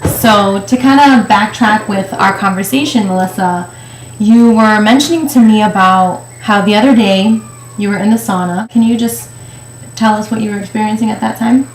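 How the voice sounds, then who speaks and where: A woman's voice: mid-range voice, normal speed. A woman interviewer casually introducing a guest and asking her to share. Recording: echoey room, faint noise.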